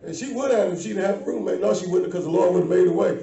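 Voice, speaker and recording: A woman preaching a sermon to a congregation, shifting between low asides and loud shouting. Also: racing, gravelly, far from the mic. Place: church sanctuary. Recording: echoey church, mic from afar. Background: faint congregation.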